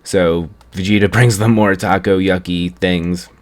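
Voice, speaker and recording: Speaking a little slowly in a low, steady voice, a young man reviews anime by loosely recapping an episode. He wanders through the plot casually, laughing at parts of the story.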